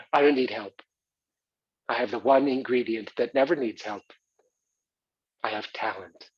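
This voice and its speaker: Brief: man voicing a confident young actress, husky, dull lo-fi sound. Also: medium pitch, takes it slowly, long pauses, voice pushed down. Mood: proud. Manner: self-assured, dismissive. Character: young woman, proud aspiring actress. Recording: dull lo-fi recording.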